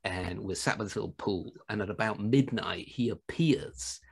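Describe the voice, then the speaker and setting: British man, podcast host, husky voice, lowish pitch, animated, jokey storytelling. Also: moderate pace. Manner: animated, jokey anecdote telling. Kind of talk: casual storytelling chat.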